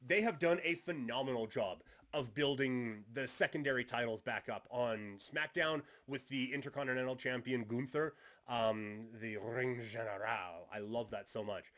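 A man hosts a solo podcast and talks through his predictions in a loose, conversational way. He often stops and restarts his sentences, and his pitch sits in an ordinary middle range for a man. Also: normal speed, fairly bright tone. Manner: casual, musing, frequent restarts and fillers. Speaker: podcast host. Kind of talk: solo wrestling preview podcast.

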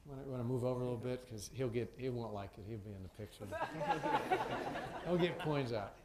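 A man's voice: mid-range voice, big pitch swings, normal speed, heavy background noise. A middle-aged man, a senior naval officer, joking casually with sailors as he hands out coins at a base event. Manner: jovial, joking. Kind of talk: casual banter while handing out coins. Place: large base venue with an audience. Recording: roomy echo from a large venue.

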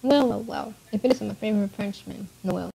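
A woman's voice: medium pitch, fairly quick, creaky, warm tone, husky, rough recording. A woman reading as a smug teenage prankster. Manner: smug, theatrical teasing. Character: goofy scheming teen girl prankster. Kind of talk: reading a visual novel aloud.

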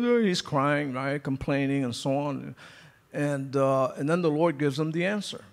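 A man's voice: fairly high pitch, moderate pace. A man preaching a sermon as pastor, emphatic, calling out to his congregation. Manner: emphatic preaching, acting out quoted speech; calls to the congregation.

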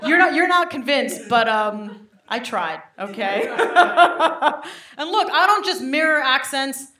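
A woman's voice: high voice, animated, slow, crowd noise. A young woman from England, doing a chatty, self-mocking stand-up set and laughing along with the audience. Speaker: stand-up comedian. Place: comedy club stage. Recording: roomy live club recording with audience noise.

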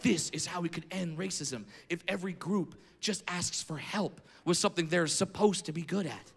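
A man doing stand-up comedy with a brash, profane delivery who shouts his punchlines. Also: sits high, normal speed, vocal fry, breathy edge.

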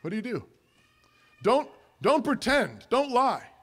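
A man with a fairly high voice preaches a sermon in a church. He talks to the congregation casually, playing out little household scenes. When he voices a confession, he goes soft and hushed. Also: very animated, a little slow. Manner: conversational preaching, acts out little family scenes. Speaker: pastor. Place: church sanctuary.

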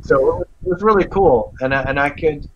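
A man who voices characters and teaches acting, talking through his craft in a relaxed, reflective way with lots of fillers. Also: on the high side, a little fast, slight background noise. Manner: reflective, rambling with many fillers. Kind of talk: casual interview chat. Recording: slightly dull, muffled audio.

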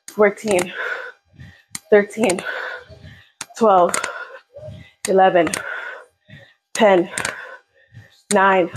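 Woman fitness instructor, winded, slow steady counting, faint background hiss. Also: medium pitch, low-quality recording. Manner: counts reps aloud, out of breath, encouraging. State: out of breath. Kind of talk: live workout instruction.

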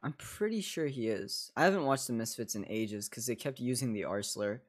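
A young man streaming a game and chatting casually, swearing a lot, giggling and breaking into excited bursts. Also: medium pitch, normal speed. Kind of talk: casual gameplay chat.

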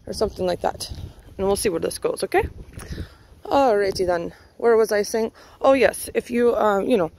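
A woman's voice: mid-range voice, expressive, normal speed, vocal fry, darkish tone, a little hiss or hum, poor audio. Rambling woman vlogging on a walk. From United States. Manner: rambling, chatty, laughs often, talks to herself. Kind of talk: casual walking vlog. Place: outdoors on a residential street, walking.

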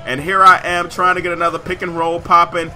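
A man giving excited gameplay commentary over a basketball video game and yelling on big plays. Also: sits high, fairly quick, faint music behind. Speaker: gaming YouTuber.

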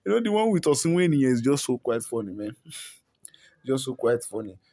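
Nigerian male gossip vlogger, mid-pitched voice, repeats himself, quick chuckles. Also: very animated, mellow. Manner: repeats words and stumbles, chuckles often. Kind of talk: chatty celebrity gossip commentary.

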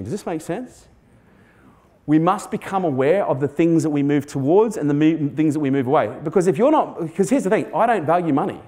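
A man's voice: fairly high pitch, darkish tone. Sweary man giving a keynote. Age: 40s. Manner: blunt, sweary, quizzes the audience. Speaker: keynote speaker. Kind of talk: motivational keynote talk. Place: stage before a live audience.

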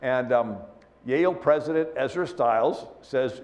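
Slightly high-voiced man telling history stories. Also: moderate pace. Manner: lively storyteller who acts out scenes, with spoken sound effects; frequent "and, uh" fillers. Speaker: guest speaker, historian. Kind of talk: storytelling history talk.

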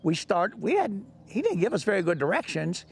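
Older male storyteller, high gravelly voice, folksy and rambling. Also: very animated, a little fast. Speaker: author and storyteller. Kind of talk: telling an anecdote.

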